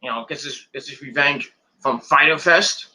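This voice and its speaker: A man's voice: fairly high pitch, moderate pace, pushed and bright, slightly rough. A man casually recapping a wrestling match move by move, rambling and repeating words as he goes. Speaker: wrestling show reviewer.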